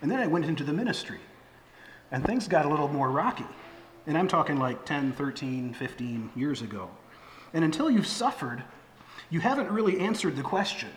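A middle-aged man preaches a sermon from the pulpit, talking plainly to the congregation with fillers and false starts. His voice sits a bit high for a man. The sound is echoey and roomy, with a long church reverb. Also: lively intonation, moderate pace, slight background noise. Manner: conversational preaching with fillers and restarts. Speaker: pastor. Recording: echoey hall with faint ambience.

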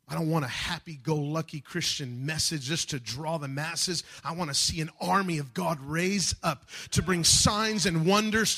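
A man preaching a sermon, building from calm teaching to fervent shouted passages. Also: fairly high pitch, breathy edge. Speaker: pastor.

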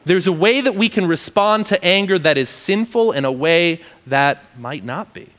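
A man gives a relaxed, conversational sermon, scattering "like" through his sentences and slipping into animated voices for the people he quotes. His voice sits a little high and rings bright and forceful. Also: moderate pace. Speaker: pastor. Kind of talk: casual sermon.

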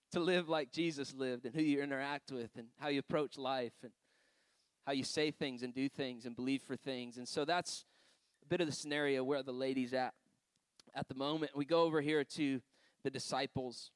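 A man's voice: medium pitch, normal speed, clear, resonant tone, no echo. A man preaching a sermon, telling personal stories in a loose conversational way with frequent laughs and asides. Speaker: pastor.

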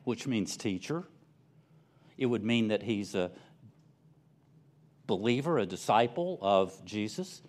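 A male pastor preaching a sermon, retelling the story with animated storytelling and repeated phrases. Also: medium pitch, slow pace, long pauses.

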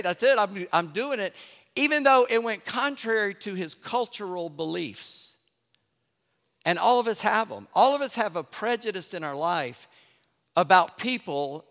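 A man from Charleston preaching a sermon as pastor, telling stories with animated energy and dropping to a hush for effect. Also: sits high. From Charleston, South Carolina. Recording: long hall reverb.

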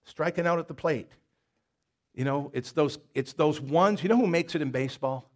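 A man's voice: a little high, normal speed. A man preaching a sermon in a folksy, conversational way, with jokes and stories and a Southern US accent. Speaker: pastor. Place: church.

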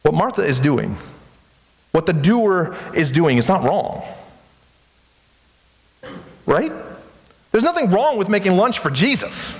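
A male pastor preaching a sermon in an animated, rhetorical way, repeating phrases for emphasis. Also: high voice. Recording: long hall reverb.

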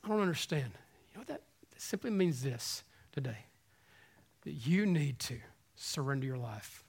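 Impassioned man preaching a sermon. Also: fairly high pitch. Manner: impassioned, swings between hushed and loud. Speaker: pastor. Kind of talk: Easter sermon. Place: church hall with congregation.

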